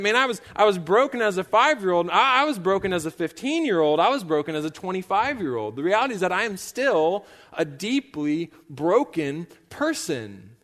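A man's voice: high voice, sharp tone. A young male pastor preaching a sermon, telling a story casually with frequent fillers. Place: church sanctuary. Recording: long church reverb.

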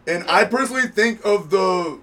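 Playful high-voiced man on a podcast. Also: expressive, normal speed, fairly bright tone, far from the mic. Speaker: podcast co-host. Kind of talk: casual chat.

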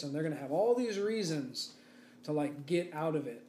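A man's voice: a little high, animated, moderate pace, a little mellow. A young man co-hosting a casual podcast, telling a rambling story with lots of fillers. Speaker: podcast co-host. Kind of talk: casual chat. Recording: echoey room with faint background noise.

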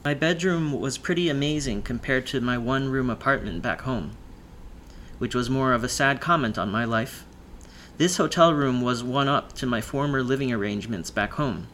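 Male audiobook narrator, measured. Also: mid-range voice, fairly bright tone, a little hiss or hum. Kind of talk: first-person audiobook narration.

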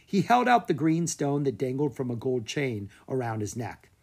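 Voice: medium pitch, very animated, normal speed, vocal fry, darkish tone, breathy edge. An audiobook narrator reading a children's adventure story aloud, giving each character a voice.

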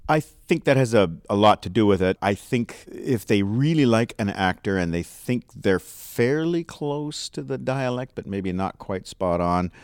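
A man's voice: lowish voice, normal speed, few pauses, no echo, clean studio sound. A man working as a dialect coach, explaining his craft in an interview with frequent fillers. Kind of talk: interview answers. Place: seminar room.

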